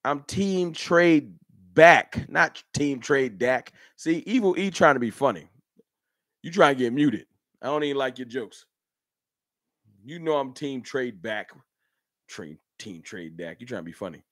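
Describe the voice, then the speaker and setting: A man hosting a casual fan livestream, talking in an animated, slangy way and answering his chat by name. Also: medium pitch, measured pace, pauses often, no room sound, clean studio sound. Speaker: livestream host. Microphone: streaming setup.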